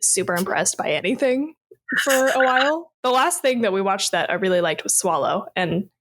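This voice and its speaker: A woman's voice: mid-range voice, lively intonation, normal speed, background noise. Candid, rambling woman podcast co-host. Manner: candid, reactive, rambling with fillers and exclamations. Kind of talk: casual chat.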